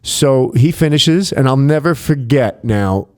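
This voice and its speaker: A man's voice: mid-range voice, a little slow. Profane man telling club stories. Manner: profane, animated anecdotes with quoted dialogue. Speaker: nightclub DJ and podcast guest. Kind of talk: casual podcast storytelling.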